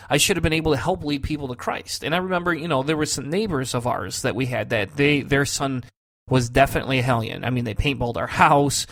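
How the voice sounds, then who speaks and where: A man's voice: mid-range voice, fairly bright tone. A man co-hosting a podcast, telling a long personal story in a loose, conversational way. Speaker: podcast co-host. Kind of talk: casual chat.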